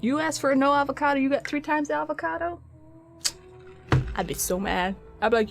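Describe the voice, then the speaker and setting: A woman's voice: high-pitched, fairly quick, vocal fry, faint music behind. A woman streaming her art, chatting casually and a bit sassily with her viewers while she paints. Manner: chatty, sassy, talks to chat.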